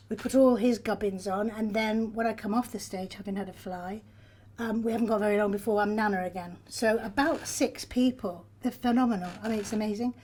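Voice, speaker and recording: An older woman, a stage actor telling backstage stories in a lively, self-deprecating way with frequent laughs. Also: medium pitch. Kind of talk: backstage storytelling. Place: theatre backstage.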